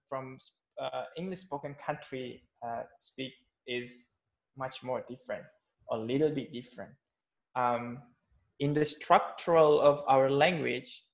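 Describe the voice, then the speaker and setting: A man with an Indonesian accent, a non-native English speaker, teaching an English lesson in a halting way with many fillers and restarts. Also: fairly high pitch, vocal fry. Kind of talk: casual spoken English lesson.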